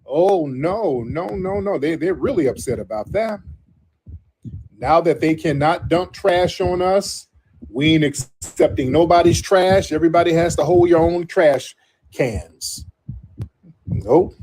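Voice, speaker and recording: A man's voice: on the high side, a little mellow, breathy edge, rough recording. A man hosting a live call-in talk show, mocking and sarcastic with his callers. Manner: mocking, sarcastic, drawn-out put-downs. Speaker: host taking callers.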